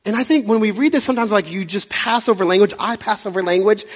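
A man's voice: high-pitched, fast talker. A young man, a pastor preaching a conversational, self-deprecating sermon with jokey asides. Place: church sanctuary. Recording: dull sound with long hall reverb.

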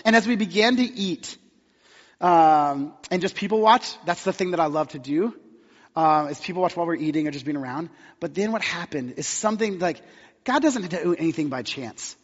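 A man's voice: a little high, expressive, fairly quick. A man preaching a sermon as a pastor, telling a story in a casual, conversational way with acted-out quotes. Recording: dull sound with long hall reverb.

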